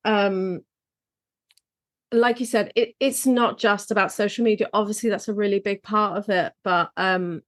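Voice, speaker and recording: A woman's voice: mid-range voice, steady tone, normal speed, no room sound. A woman guest on a podcast, explaining her work as a business coach in a friendly way. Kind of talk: interview answers.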